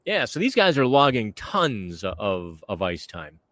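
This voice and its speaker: A man's voice: on the low side, sing-song, measured pace, a bit bright, no room sound. Chatty man talking outdoors in the wind. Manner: chatty, conversational. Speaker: podcast host. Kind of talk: casual on-camera chat.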